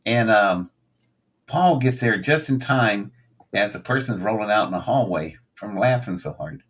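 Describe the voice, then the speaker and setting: An older man with a husky, slightly rough voice tells a long story in casual conversation. He swings into quoted lines with lively, acted-out energy, pitching up for punchlines. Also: measured pace. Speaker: guest.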